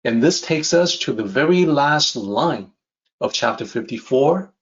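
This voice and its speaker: Male teacher, middle pitch, slow deliberate delivery; restates points patiently; slightly dull lo-fi recording. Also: expressive. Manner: measured, repeats and rephrases ideas. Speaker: teacher explaining a classic text. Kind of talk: calm explanatory lesson.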